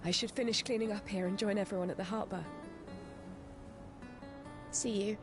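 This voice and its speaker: An actress playing a wistful, polite flower-seller woman in a game, talking quickly, with guitar music behind. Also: medium pitch, steady tone, lightly acted. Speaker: game character.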